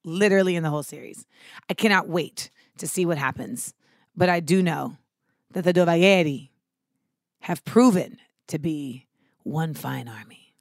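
Animated, profane woman on a podcast. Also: low voice, normal speed, pauses often, no room sound, clean studio sound. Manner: animated, profane, acts out scenes with shouts. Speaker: podcast host. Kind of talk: casual comedic monologue.

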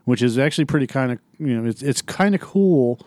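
A man's voice: medium pitch, lively intonation, fairly quick, a little mellow, dry recording. A man co-hosting a podcast, recapping a movie in casual chat with rambling, tag-question asides. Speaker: podcast co-host.

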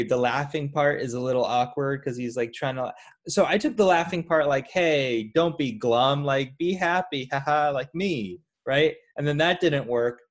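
A man co-hosting a casual chat about a movie, animated and rambling with lots of fillers and restarts. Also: on the high side. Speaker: podcast co-host.

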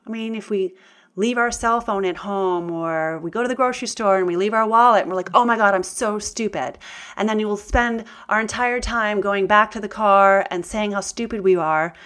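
Middle-aged woman, confiding self-help talk, earnest, bursts of emphasis, mid pitch. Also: moderate pace, fairly bright tone. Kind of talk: candid talk to an audience.

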